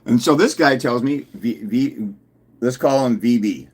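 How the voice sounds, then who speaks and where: A man's voice: medium pitch, unhurried, husky. A man giving a combative, mocking commentary, repeating his put-downs as he builds his case. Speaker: fathers' rights consultant. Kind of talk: ranting commentary video.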